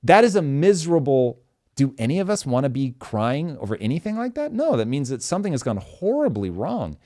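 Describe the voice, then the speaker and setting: A man's voice: on the high side, fairly quick. A man in his forties hosting a talk show, speaking emphatically and swearing freely in casual chat. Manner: emphatic, profane, animated storytelling. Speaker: podcast host.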